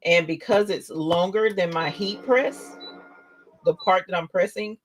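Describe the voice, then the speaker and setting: A woman's voice: lowish voice, unhurried, soft background music, poor audio. Chatty grandmother telling a story. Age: older. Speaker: rhinestone crafter hosting a live stream. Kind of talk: casual live craft demo with storytelling.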